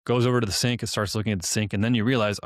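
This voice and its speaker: A man's voice: lowish voice, steady tone, rapid-fire, no echo, clean studio sound. A man co-hosting a podcast, explaining in a casual, storytelling way and acting out both sides of the dialogue. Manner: informal, many "like" fillers and restarts. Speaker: podcast co-host.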